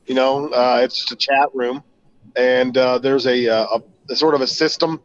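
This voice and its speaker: Halting man on muffled call audio. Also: mid-range voice, fairly even intonation. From Missouri, USA. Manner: rambling, halting with fillers. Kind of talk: casual chat.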